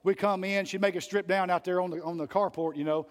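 A man preaching a sermon to his church, telling folksy stories and rising to loud emphatic peaks between quieter asides. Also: sits high, little pitch movement, fast, few pauses, big-room sound. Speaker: pastor. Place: church sanctuary.

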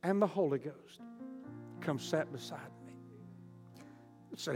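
A man preaching a storytelling sermon, impassioned and surging from quiet to loud. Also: a little high, unhurried, pauses often. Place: church auditorium. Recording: reverberant hall with soft music.

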